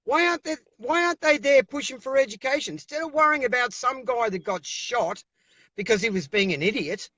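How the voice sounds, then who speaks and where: A man's voice: extremely high pitch, a little fast, sharp tone, no echo, lo-fi sound. An Australian man speaking over a video call as an interview guest, giving fiery, emphatic political talk and repeating himself when worked up.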